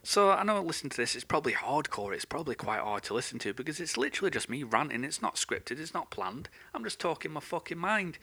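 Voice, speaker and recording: Bright and pushed, this man's higher-pitched voice is animated and brisk with few pauses. He's a podcast host delivering an unscripted, angry monologue full of swearing.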